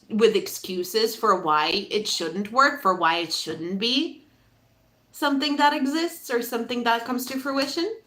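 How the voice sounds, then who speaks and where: A woman giving a casual pick-a-card tarot reading, chatty and animated, laughing often and swearing casually. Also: high voice. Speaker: tarot reader.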